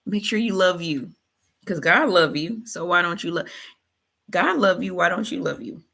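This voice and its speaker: A woman's voice: on the low side, normal speed, vocal fry, sharp tone. A woman hosting a motivational faith talk, colloquial, preachy and repetitive. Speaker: host.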